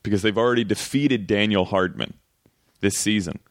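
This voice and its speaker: A man guesting on a podcast in casual chat, relaxed and wry, often trailing off and restarting. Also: fairly low pitch, moderate pace, dry recording, studio quality. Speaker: comedy writer guest.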